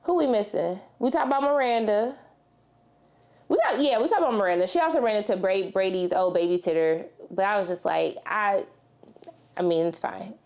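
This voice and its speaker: A woman's voice: medium pitch, normal speed, a little mellow. A woman chatting animatedly as a TV reviewer, slangy and talking straight to her viewers. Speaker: TV show reviewer. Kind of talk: casual review chat with personal story.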